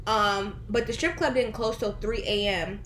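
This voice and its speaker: A woman's voice: medium pitch, moderate pace, fairly bright tone, slight background noise. A young woman co-hosting a podcast, chatting casually and telling rambling stories while she eats. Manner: rambling storyteller, talks while eating. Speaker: podcast co-host. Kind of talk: casual chat. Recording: echoey room.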